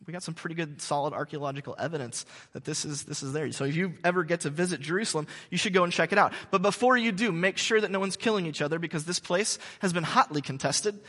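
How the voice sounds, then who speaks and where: A man preaching a sermon to his congregation, telling stories in an animated, joking way with many restarts. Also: fairly high pitch, fast talker, few pauses, big-room sound. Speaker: pastor. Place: church sanctuary.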